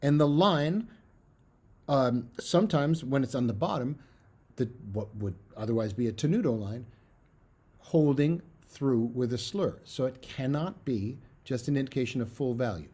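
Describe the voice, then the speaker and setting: Earnest man lecturing, mellow voice. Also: mid-range voice, animated, moderate pace, husky. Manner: earnest, emphatic teaching with fillers. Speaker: bassoon professor. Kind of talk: recorded music lecture.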